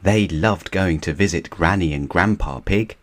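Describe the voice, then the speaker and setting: Reading a picture book meant for children, a man narrates at a relaxed, slow pace. His deep, low voice stays even and measured throughout.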